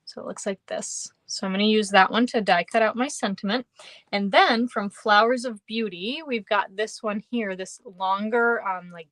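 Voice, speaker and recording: Woman, craft class host, chatty, bubbly, laughs a lot, mid pitch, dry close recording. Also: fairly bright tone, dry recording. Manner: bubbly, chatty, laughs often, greets viewers by name. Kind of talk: live-streamed craft demonstration.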